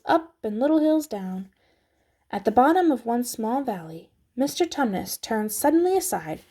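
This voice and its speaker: A woman reading a children's storybook aloud, narrating in a soft, measured way. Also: fairly high pitch, creaky. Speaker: audiobook reader.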